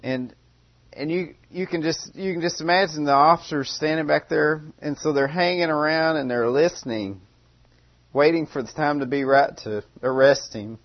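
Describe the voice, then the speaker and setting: A man preaching a sermon. He talks in a relaxed, conversational way and often repeats phrases or starts over. The recording is dry and a little dull. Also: a little high, normal speed, no echo.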